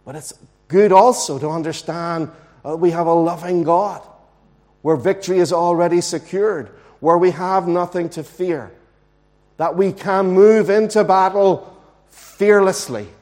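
A man preaching a sermon in a church, earnest and emphatic, slowing down to stress key words. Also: sits high, darkish tone. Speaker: pastor.

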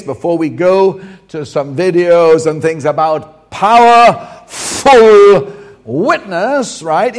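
A man preaching a lively sermon to a live audience, joking and coaxing the crowd to repeat key words back to him. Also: high voice. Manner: animated, jokey, coaxes the crowd to repeat words.

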